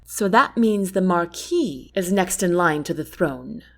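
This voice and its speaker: A woman voicing a calm, kind young prince in an audiobook, speaking softly and earnestly. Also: fairly low pitch, measured pace, creaky, exaggerated voice. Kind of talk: audiobook character reading.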